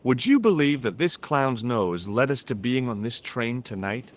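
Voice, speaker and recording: A man's voice: mid-range voice, animated, moderate pace, close to an everyday voice. A man voicing a curious young American tourist in an adventure game, asking wry questions. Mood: probing. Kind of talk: video game voice acting.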